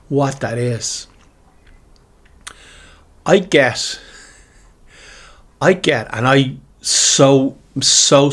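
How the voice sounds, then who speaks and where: A man's voice: mid-range voice, breathy edge. A man speaking a reflective spiritual monologue to his viewers, musing through repeated questions and speaking with heartfelt gratitude. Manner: heartfelt, grateful. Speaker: spiritual video creator.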